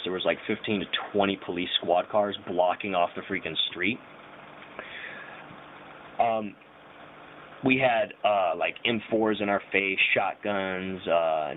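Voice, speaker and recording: A young man casually telling a rambling personal story, full of slang and fillers. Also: on the low side. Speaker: vlogger. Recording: tinny phone-like audio with faint hiss.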